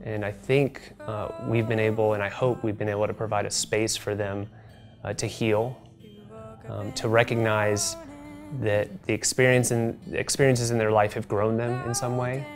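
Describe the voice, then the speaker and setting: A speaker talking about their program in an interview, pausing often with fillers. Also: medium pitch, level tone. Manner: hesitant, many uh pauses. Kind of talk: promotional interview. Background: guitar music.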